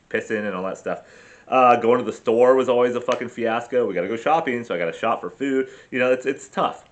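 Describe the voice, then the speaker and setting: A man's voice: on the low side, a bit bright. A man rambling through a casual travel vlog, swearing freely and telling self-deprecating stories about his camping trip with his family. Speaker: vlogger.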